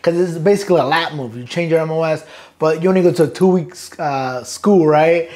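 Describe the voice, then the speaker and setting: A middle-aged New York man, appearing as an interview guest, tells his stories in a casual, animated, profane style, laughing as he acts out quotes. His voice sits fairly high and he talks fairly quickly.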